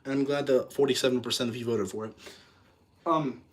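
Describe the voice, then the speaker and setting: A man's voice: mid-range voice, steady tone, a little fast. A man hosting a casual show-and-tell vlog, rambling and self-correcting, with a self-deprecating, nerdy enthusiasm. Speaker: video host.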